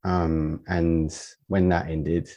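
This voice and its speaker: A man from the United Kingdom, a poet as a podcast guest, talks in a reflective, halting way with many fillers and restarts. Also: deep voice, little pitch movement, dull audio. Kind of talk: casual podcast conversation.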